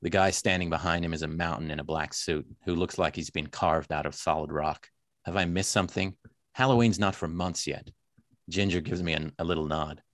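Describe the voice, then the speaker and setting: A weary, hardboiled narrator tells his story in a slow, lowered American drawl, as an Australian man puts on the accent. The delivery is deliberate and noir-flavoured. The sound is close and dry. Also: steady tone, no echo, natural voice. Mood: wry. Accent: American, put on by an Australian. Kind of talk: reading a novel aloud.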